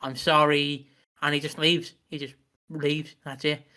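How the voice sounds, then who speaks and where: A man's voice: on the high side, little pitch movement, normal speed, sharp tone. A man co-hosting a podcast in casual chat, rambling and joking with lots of swearing. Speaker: podcast co-host.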